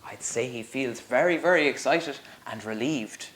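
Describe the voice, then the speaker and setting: Animated teacher reading to children. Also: male voice, mid-range voice, moderate pace, few pauses. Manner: animated, sing-song, asks children questions. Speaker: primary school teacher. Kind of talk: storybook read-aloud for young children.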